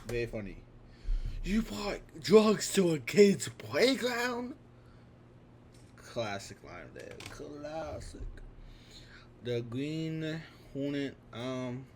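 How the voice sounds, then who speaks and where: A man's voice: medium pitch, a little mellow, slight background noise. A man in his twenties talking casually and offhandedly through his film collection, with frequent restarts and fillers. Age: 20s. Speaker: vlogger.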